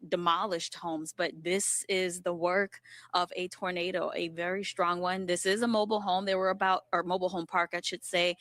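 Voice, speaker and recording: Woman, field reporter, low voice, sympathetic, steady, dry sound. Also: no echo. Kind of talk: live news report. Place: outdoors at a storm-wrecked site.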